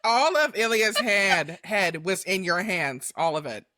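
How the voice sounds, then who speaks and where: An animated woman co-hosting a podcast, her bright, ringing voice swinging widely up and down. She chats casually, laughs often and squeaks up high when she acts out what others said. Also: unhurried, dry recording, clean studio sound. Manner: animated, laughing, jumps to high pitch acting out quotes. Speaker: podcast co-host. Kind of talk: casual chat.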